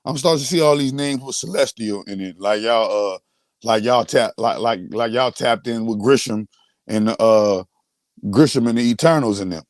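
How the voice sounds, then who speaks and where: A man's voice: mid-range voice, normal speed, a little mellow, no room sound. Guy ranting on his stream, brags and repeats himself, aave, dead dry room. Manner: boastful, repetitive, restarts often. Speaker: host. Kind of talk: livestream rant.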